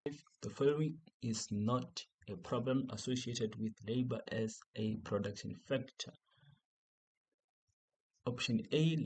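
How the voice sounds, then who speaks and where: Man repeating exam points, mellow voice. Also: mid-range voice, poor audio. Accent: South African. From South Africa. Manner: repeats key points, asks and answers his own questions. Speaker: teacher. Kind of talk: exam revision lesson.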